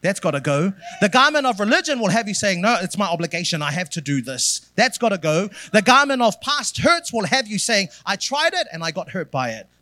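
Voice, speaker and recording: High, lively-voiced man preaching. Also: brisk, few pauses. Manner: preaching with emphatic rising build-ups. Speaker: pastor. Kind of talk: sermon.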